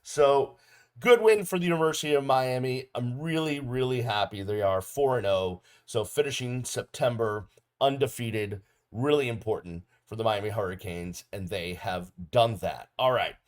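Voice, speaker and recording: A man's voice: medium pitch, normal speed. Casual middle-aged male podcast host. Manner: casual, relaxed delivery with frequent ums and uhs. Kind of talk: solo sports recap video.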